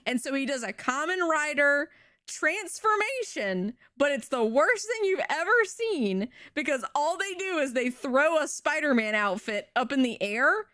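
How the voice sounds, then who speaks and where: A young woman streaming, retelling a show in an animated, rambling way with casual swearing. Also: sits high, a little slow, dry recording, studio quality. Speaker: VTuber streamer.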